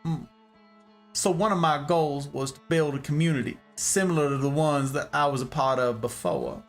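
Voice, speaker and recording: A man's voice: a little high, moderate pace, soft background music, close to an everyday voice. A man voicing a genteel Southern debutante woman with a put-on Southern US accent, reading a chat answer in a drawling, polite voice. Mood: earnest.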